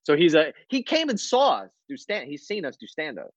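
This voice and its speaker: A man with a fairly high voice tells a story in loose podcast chat, jumping between the voices of himself and others. He laughs as he goes, and the sound is dry and slightly muffled. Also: fairly quick, no room sound. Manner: animated, acts out both sides of a story, laughs often. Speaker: podcast co-host, comedian.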